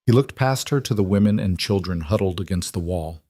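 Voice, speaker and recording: A man narrating a fantasy romance audiobook in a steady storytelling way. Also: sits low, fairly quick, dry recording, studio quality.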